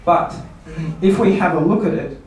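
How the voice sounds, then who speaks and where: A man's voice: fairly high pitch, a little slow, a little mellow, slight background noise. A man, a pastor giving a seminar talk, asking rhetorical questions and playfully mock-quoting people. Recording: echoey room, voice from far off.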